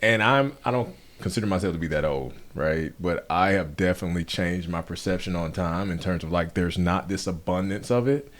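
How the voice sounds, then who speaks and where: A man's voice: low-pitched, fairly quick, few pauses. A man hosting a podcast interview, who reflects thoughtfully and often checks in with "right?". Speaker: podcast host.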